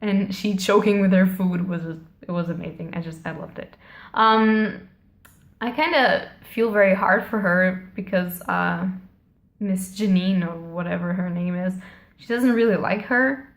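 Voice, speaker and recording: A woman's voice: mid-range voice, unhurried, creaky. A woman giving a casual, chatty TV episode review, talking straight to her viewers and often restarting her sentences. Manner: chatty, often addresses viewers, self-corrects. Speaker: TV series reviewer. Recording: echoey room.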